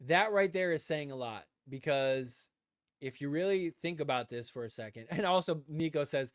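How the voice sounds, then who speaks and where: A man hosting a casual podcast live stream, telling a rambling story and acting out both sides of the conversation, breaking into loud laughter. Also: fairly high pitch, animated, normal speed, no echo, studio quality. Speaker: podcast host.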